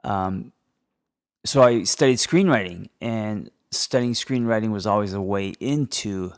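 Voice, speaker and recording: A man's voice: lowish voice, unhurried. A man in his forties from Los Angeles with a slight lisp from braces, hosting a casual, rambling podcast monologue full of ums. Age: 40s. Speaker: therapist and podcast host.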